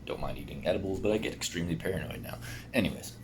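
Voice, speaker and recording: Guy telling a wild story at home, lowish voice, swears a lot, laughs a lot, bit of background hiss. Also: racing. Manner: rambling, swears, laughs often while telling. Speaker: vlogger recounting an experience. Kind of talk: casual storytelling monologue. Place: apartment bedroom.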